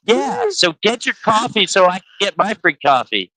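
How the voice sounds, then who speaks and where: A man's voice: high voice, big pitch swings, moderate pace, sharp tone, poor audio. A man hosting a casual livestream chat, rambling and laughing as he talks. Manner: chatty, laughing, stumbling restarts. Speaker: host.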